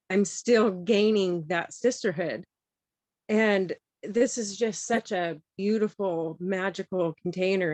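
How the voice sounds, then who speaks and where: A woman in an online circle, teary and emotional, speaking haltingly and laughing through tears as she shares her gratitude. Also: medium pitch, no room sound. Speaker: participant sharing in the circle.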